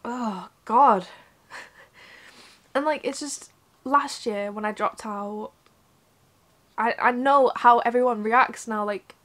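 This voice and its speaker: A woman's voice: a little high, fairly even intonation, slow pace, pauses often, fairly bright tone. Upset young woman venting. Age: young adult. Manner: frank, rambling, swears often. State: upset, close to tears. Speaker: vlogger. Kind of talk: candid talk to camera. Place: indoors at her mother's home.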